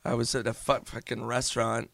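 Gravelly man, loose profane storytelling. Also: medium pitch, little pitch movement, fairly quick, fairly bright tone, no room sound, clean studio sound. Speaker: guest comedian and actor. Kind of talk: casual interview chat.

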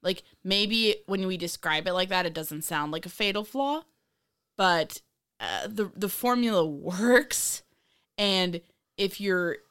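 A woman's voice: fairly low pitch, takes it slowly, a bit bright, clean tone. Rambling, swearing woman podcast co-host. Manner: rambling, swears freely, laughs often. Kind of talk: casual chat.

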